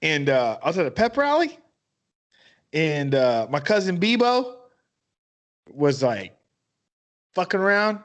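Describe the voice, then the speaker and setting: Podcast co-host: an animated man whose pitch leaps around, swearing freely as he tells stories. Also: unhurried, long pauses, lo-fi sound. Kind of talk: casual chat.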